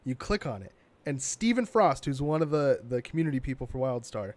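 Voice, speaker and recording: A man's voice: medium pitch, sing-song, a little fast, darkish tone. A young man co-hosting a casual gaming podcast, blunt and sarcastic, swearing freely. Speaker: podcast co-host. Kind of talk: casual gaming news chat.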